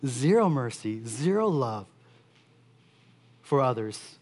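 A man preaching a sermon as pastor, earnest and steady, repeating key phrases for emphasis. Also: medium pitch, takes it slowly.

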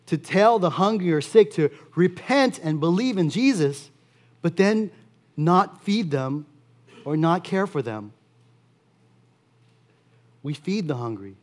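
A man preaching a sermon as pastor, earnest and steady, repeating key phrases for emphasis. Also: on the high side, slow, pauses often.

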